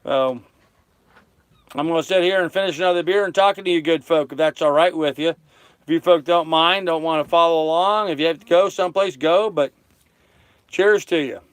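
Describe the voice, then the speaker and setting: Joking and laughing at his own jokes, an older sailing vlogger casually talks with his live-stream audience from his small sailboat's cabin on a lake. His voice is on the high side and clean, at a moderate pace, captured as clean studio sound with no echo.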